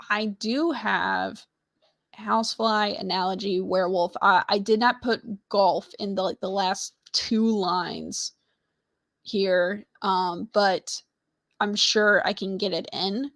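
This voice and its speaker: A woman's voice: medium pitch, takes it slowly, fairly bright tone, dry recording. Female livestream host at home, casual and rambling, full of restarts; dry, close sound. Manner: rambling, many fillers and restarts, self-deprecating. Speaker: host of a live writing show. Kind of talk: casual chat, retelling a story.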